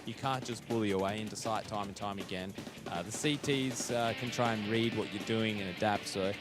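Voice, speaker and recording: A man's voice: lowish voice, a little fast. A man doing blunt, joking live esports commentary and analysis. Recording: faint music behind.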